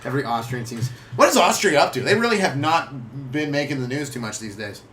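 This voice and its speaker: A man's voice: medium pitch, lively intonation, a little fast, a bit bright. A young man co-hosting a comedy history show, rambling casually, laughing often and slipping into silly voices. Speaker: comedy podcast co-host.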